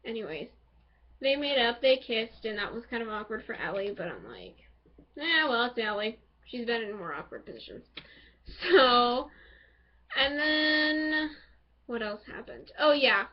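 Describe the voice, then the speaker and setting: A woman casually reviewing a TV episode, excitable and rambling as she gushes over the characters. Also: fairly high pitch, unhurried. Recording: dull lo-fi home recording.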